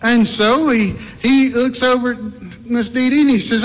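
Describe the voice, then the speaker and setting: A man preaching a sermon, telling a folksy story with drawn-out emphasis before reading scripture. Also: extremely high pitch, fairly even intonation, a bit bright, long reverb tail, poor audio. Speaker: pastor.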